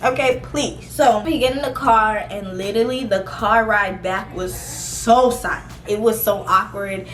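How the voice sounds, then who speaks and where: A woman's voice: medium pitch, normal speed, fairly bright tone, far from the mic, slight background noise. A young woman telling a personal storytime in a casual, blunt and profane way, laughing as she goes. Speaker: vlogger. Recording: roomy sound from off the mic with faint music.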